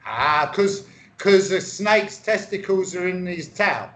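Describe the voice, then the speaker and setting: Giggly high-voiced English bloke. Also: male voice, animated, takes it slowly, fairly bright tone. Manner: playful, giggly, easily muddled. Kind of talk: silly comedy banter.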